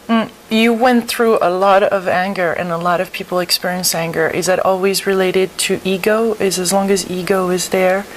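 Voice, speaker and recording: An interviewer asking short, soft-spoken questions and giving brief acknowledgments. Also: medium pitch, steady tone, normal speed, hardly any pauses, a little hiss or hum, rough recording.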